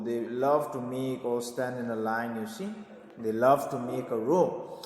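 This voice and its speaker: A man's voice: mid-range voice, a little slow. A man teaching a poem to a class, explaining simply and repeating key words. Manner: explains simply, repeats words, says okay and right often. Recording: roomy echo with long reverb.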